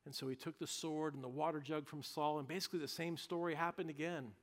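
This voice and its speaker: A man's voice: fairly high pitch, steady tone, quick pace. A man preaching a sermon, telling a story with vivid drama and humorous asides. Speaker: pastor.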